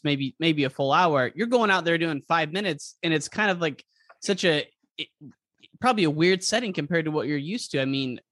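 A man's voice: a little high, a bit bright, dry recording, studio quality. A man hosting an interview, asking rambling, searching questions. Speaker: podcast host.

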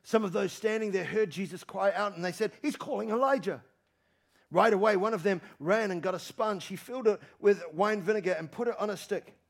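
A man preaching in a church, his voice pitched high with a gravelly, creaky edge. He repeats key phrases and swings from hushed lines to loud calls. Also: brisk, few pauses. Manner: emphatic preaching, repeats phrases, rises to shouts and drops low. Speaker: pastor. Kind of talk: sermon. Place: church hall with congregation.

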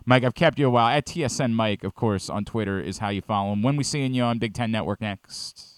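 A man's voice: fairly low pitch, fast, clear, resonant tone, no echo. Guy hosting sports radio, blunt and fired up, dry close studio sound. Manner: blunt, heated opinions with emphatic repetition.

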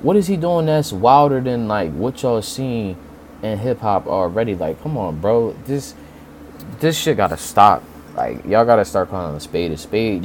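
A man's voice: mid-range voice, very animated, moderate pace, darkish tone, a little hiss or hum. A man giving a casual, profane commentary rant, incredulous and rambling with lots of fillers. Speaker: commentary vlogger. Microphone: desk mic near a fan.

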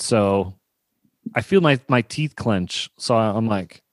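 A young man casually telling a story, animated, often laughing and acting out what was said to him. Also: lowish voice, slow pace, dry recording, studio quality. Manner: animated, laughing, acts out quoted dialogue. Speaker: storyteller telling about his vaccine visit. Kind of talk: casual chat.

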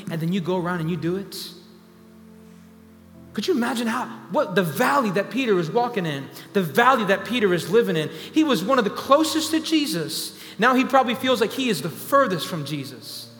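A male pastor preaching a sermon, repeating key lines and building to emphatic passages, sometimes dropping to a quiet confessional tone. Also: sits high, lively intonation, moderate pace, faint music behind. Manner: drops to a quiet confessional tone when telling a personal story. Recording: long hall reverb.

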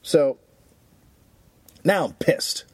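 A man talks extremely slowly, with no echo on the audio. Co-hosting a podcast, he tells a story in casual, profane conversation, staying animated and performing what people said.

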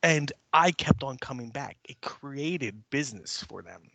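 An older man with a bright, forceful voice, recorded dry and close. He co-hosts a casual podcast chat and tells animated stories with the odd swear word. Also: mid-range voice, a little slow, gravelly, no echo. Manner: animated storyteller, swears freely. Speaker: podcast co-host.

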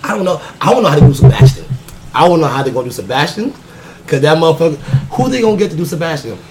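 A man talking quickly, his pitch jumping around as he rambles and repeats himself. He is a podcast co-host in loose, casual chat. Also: animated, a crowd in the background. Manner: rapid, rambling, repeats words.

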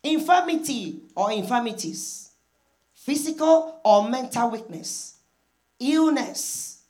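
Delivering a sermon, this woman hammers points home through emphatic repetition and call-and-response, voicing quoted prayers as she acts them out. Her voice is on the high side and a little mellow, with lively intonation and a slow pace.

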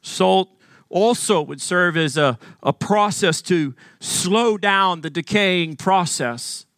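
A man's voice: high-pitched, takes it slowly, a bit bright, no echo, clean studio sound. A man from Arkansas preaching a sermon as pastor, earnest and emphatic, asking the congregation questions.

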